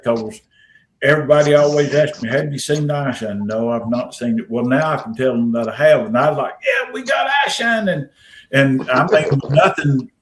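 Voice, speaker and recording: A man's voice: medium pitch, low-quality recording. A man with a Southern US accent telling a long story in a casual, rambling, folksy way, with frequent restarts. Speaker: podcast guest telling an encounter story.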